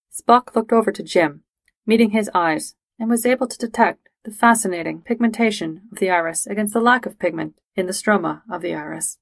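A woman reads a story aloud at a steady, measured pace, her pitch sitting in a middle range. The recording is dry and close, with no room sound at all. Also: no echo. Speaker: reader. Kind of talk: reading fan fiction aloud.

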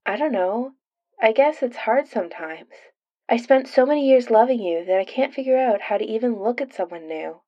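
A woman voicing a sad young ex-wife who speaks softly and low, hesitant and wistful. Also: animated, moderate pace, dull audio.

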